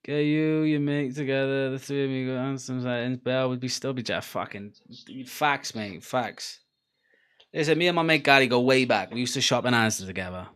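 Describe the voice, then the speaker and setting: A man's voice: mid-range voice, normal speed, a bit bright, clear, resonant tone. A man from Cardiff with a Welsh accent, hosting a live football watchalong and chatting casually to his viewers. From Wales, Cardiff. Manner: chatty, sweary, laughing between rants. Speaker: livestream host.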